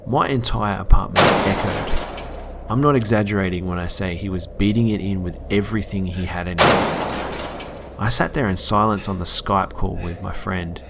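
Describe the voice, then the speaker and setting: A young Australian man narrating a scary true story for his channel in a steady, earnest manner. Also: low-pitched, normal speed, vocal fry, heavy background noise. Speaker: YouTube storyteller. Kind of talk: reading a scary story aloud.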